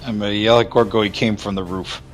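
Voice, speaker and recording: A man's voice: fairly low pitch, steady tone, fast talker, soft background music. A man taking his turn as a player in a tabletop game, speaking casually.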